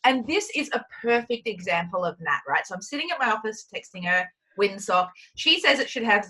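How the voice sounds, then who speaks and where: Bright, playful Australian woman author. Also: medium pitch, expressive, a little fast, breathy edge, rough recording. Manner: playful, jokey, giggly, full of goofy bits. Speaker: children's author guest. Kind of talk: casual interview chat. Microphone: microphone with windsock on a video call.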